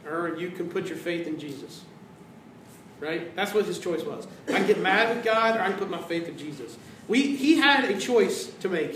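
A pastor delivers his sermon with animated swings, acting out quoted voices and falling to hushed tones. His voice sits high for a man. It carries through a roomy church sanctuary from a little distance, with a faint room hum behind.

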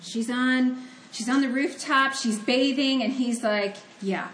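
A woman's voice: high-pitched, steady tone, measured pace, fairly bright tone, echoey room, a little hiss or hum. A woman from Ohio giving a conversational, earnest sermon that mixes scripture reading with personal storytelling. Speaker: preacher.

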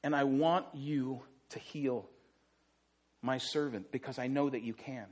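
A man voicing a humble Roman officer who pleads for help, speaking softly and haltingly. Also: mid-range voice, voice pushed down, lightly acted. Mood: pleading. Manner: halting, soft and slow, repeating words.

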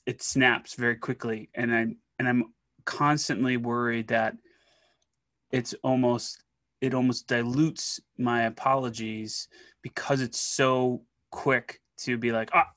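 A man's voice: medium pitch, a bit bright. Hesitant man on a podcast. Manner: hesitant, stumbling restarts. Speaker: podcast co-host. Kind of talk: conversational podcast talk.

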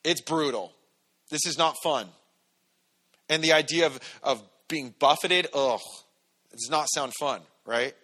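A man preaching a conversational, animated sermon to a congregation, acting out quotes as he goes. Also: a little high, unhurried, pauses often. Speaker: pastor. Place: church hall with congregation.

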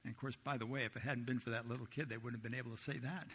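A male pastor delivers a sermon with bright, pressing energy and a slightly husky edge. He tells the story with lively acted-out voices. His voice rings through the long reverb of a large hall. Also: medium pitch, rapid-fire. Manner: animated storytelling, acts out disciples' voices.

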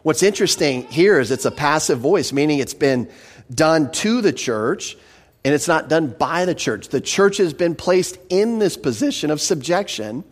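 A man's voice: a little high, expressive, moderate pace. A pastor preaching an expository sermon, earnest and emphatic, often repeating a word as he starts a phrase.

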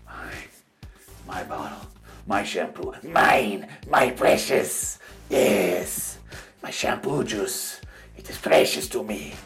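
Possessive hissing creature, breathy and low, slowed right down, put on by a man. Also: sing-song, fairly bright tone, soft background music, heavily acted.

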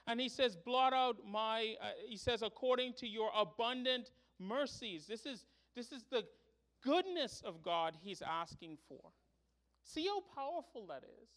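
Male pastor, high-pitched voice, earnest sermon delivery building to emphatic peaks. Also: lively intonation, unhurried, a bit bright. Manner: earnest preaching, rising to emphatic pleading.

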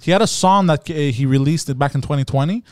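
A man co-hosting a podcast in casual, excitable chat, swearing and laughing often. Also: on the high side, brisk, dry recording, studio quality. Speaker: podcast co-host.

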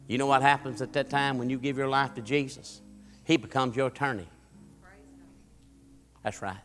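A man's voice: mid-range voice, steady tone, moderate pace, pauses often, a bit bright, soft background music. A man preaching a sermon in a fervent, folksy way and telling a story from the pulpit. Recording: long hall reverb.

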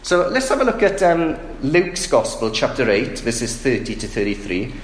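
A man preaches a sermon conversationally, often putting rhetorical questions to his listeners. His mid-range voice has big pitch swings at a normal speed, and the room is echoey with faint background noise.

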